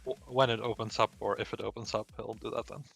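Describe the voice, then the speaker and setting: A man's voice: fairly low pitch, steady tone, fast, creaky, fairly bright tone, slightly rough. A man playing a tabletop role-playing game, asking hesitant questions with restarts. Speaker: player. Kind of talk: casual play at a tabletop game. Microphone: headset.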